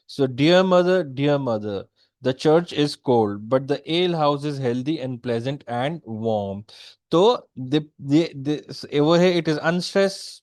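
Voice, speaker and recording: A man's voice: on the high side, a little mellow, no echo, clean studio sound. A man with an Indian English accent giving a poetry lecture, mixing in Hindi and often checking in with "okay?". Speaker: literature teacher.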